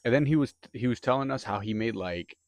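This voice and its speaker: A man's voice: mid-range voice, fast talker, no echo. A young man rambling through a profane, casual monologue, full of filler words and restarts. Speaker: podcaster.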